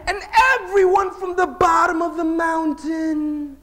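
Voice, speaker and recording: Animated man telling a story to kids. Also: extremely high pitch, unhurried, few pauses. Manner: animated, swings between loud and hushed; engages the audience with questions. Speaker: speaker at a children's event. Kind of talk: storytelling talk to children.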